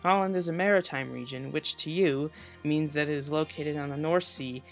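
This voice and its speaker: A man's voice: fairly high pitch, fairly even intonation, moderate pace, soft background music. A teenage boy narrating a school presentation as a comedic voice-over, full of sarcastic, mocking asides. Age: teens. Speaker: student presenter.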